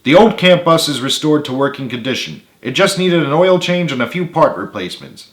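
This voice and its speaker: A man's voice: a little high, expressive, brisk, echoey room, pitched above the performer's own voice, lightly acted. A man voicing a proud young mechanic who speaks loftily. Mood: lofty. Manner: lofty, self-assured.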